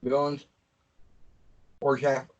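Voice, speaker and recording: A man's voice: medium pitch, monotone, slow pace. A man co-hosting a casual podcast chat, often stammering and restarting his sentences. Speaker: podcast co-host. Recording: dull lo-fi sound.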